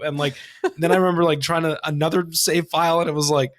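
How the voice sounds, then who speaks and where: A man's voice: on the high side, fast. A man co-hosting a casual podcast, telling a childhood story with lots of swearing and acted-out voices. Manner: animated, profane storyteller acting out voices. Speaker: podcast co-host.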